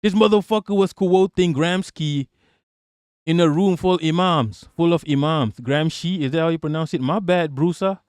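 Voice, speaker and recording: Malaysian guy streaming, cussing and joking about politics, kinda high voice, dry close mic. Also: moderate pace, a little mellow, clean tone, no echo. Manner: profane, joking, reads chat aloud. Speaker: livestream host. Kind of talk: casual political rant on a livestream.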